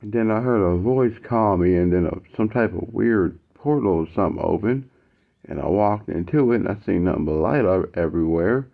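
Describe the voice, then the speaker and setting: Gravelly man telling a story, lively. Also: low-pitched, moderate pace. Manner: animated, slangy, with quoted dialogue. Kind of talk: casual personal storytelling. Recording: tinny phone-like audio.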